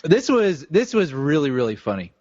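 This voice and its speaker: A man's voice: a little high, very animated, normal speed, a little mellow. A man co-hosting a podcast who giggles as he recaps a news story in casual chat. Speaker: podcast co-host. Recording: dry, dull lo-fi sound.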